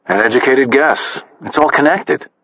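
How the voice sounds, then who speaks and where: A man's voice: medium pitch, moderate pace, fairly bright tone, breathy edge, no room sound, voice pushed up. A man voicing a wry, dogged sports agent who talks in a dry, matter-of-fact way, in an audiobook. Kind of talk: audiobook character voice. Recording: dull, slightly muffled.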